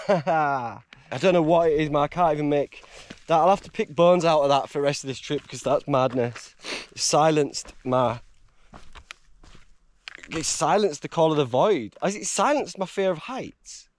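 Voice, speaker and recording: A man's voice: fairly high pitch, a little slow. Emotional English man on a mountain. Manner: emotional, rambling, laughs often. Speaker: hiker vlogger. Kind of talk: casual vlog talk. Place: outdoors on a high mountain trail.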